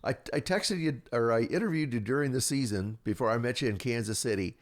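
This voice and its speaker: Friendly male podcast host, chatty, mid pitch, even delivery. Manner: friendly, chatty, quick to laugh along. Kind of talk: casual sports interview.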